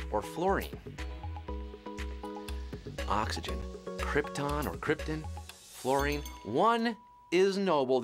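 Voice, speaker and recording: Male quiz host, high voice, jokey and pun-heavy, faint music bed. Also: a bit bright. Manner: punning, joking, playful. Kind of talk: live game-show hosting.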